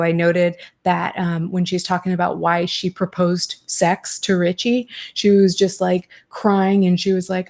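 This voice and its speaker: A young adult woman hosting a podcast, reading viewer comments and reacting in a candid, animated way, swearing freely. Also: medium pitch. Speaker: podcast host.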